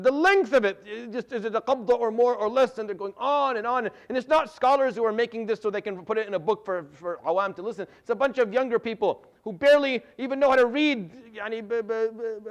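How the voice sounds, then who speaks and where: A quick, high-voiced middle-aged man teaching a Quran lesson. He talks in an animated rush, restarting and repeating words and dropping in Arabic terms as he explains. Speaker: Quran teacher giving tafsir. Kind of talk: religious lesson.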